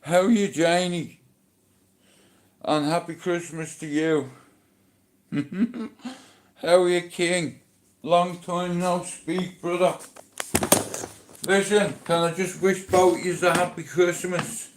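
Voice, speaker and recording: Slow-talking sweary Irish man, echoey. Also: high-pitched, fairly even intonation, a little hiss or hum. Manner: blunt, sweary, boastful, slangy. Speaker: live streamer. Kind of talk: rambling casual live-stream chat.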